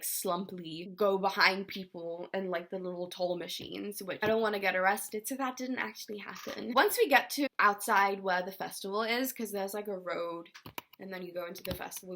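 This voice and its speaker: A woman's voice: mid-range voice, fairly bright tone. A young woman vlogging to camera indoors, telling a story casually with lots of swearing and laughs. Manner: chatty, swears often, laughs between lines.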